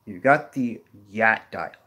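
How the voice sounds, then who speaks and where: A man with a low, deep voice talks through a geography lesson without a script. His delivery is loose and rambling, and he often falls back on "you know" while he thinks. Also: lively intonation, a little slow, bright, forceful tone. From New Orleans area, Louisiana. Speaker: geography video host. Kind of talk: unscripted explanatory talk.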